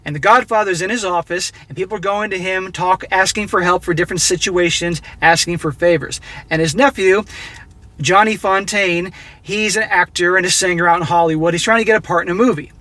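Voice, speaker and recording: A man's voice: high voice, brisk, sharp tone, no room sound. A middle-aged man hosting a commentary channel, giving a blunt, exasperated, preachy monologue about a story he reads out. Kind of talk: opinionated monologue reacting to a read-out story.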